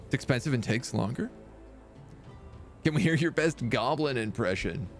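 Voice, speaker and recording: A casual male streamer commenting on a fantasy strategy game. His mid-range voice moves lively up and down as he reads out game text. Faint music runs behind him. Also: mid-range voice, moderate pace. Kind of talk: live gameplay commentary.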